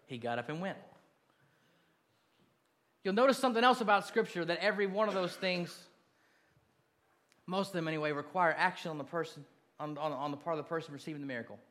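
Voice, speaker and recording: A pastor delivering a church sermon, his voice sitting a touch higher than most men's. He speaks with plain, steady conviction and swings between quiet, intimate passages and loud rallying calls. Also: a little fast, long pauses. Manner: preaching, building from soft to loud calls.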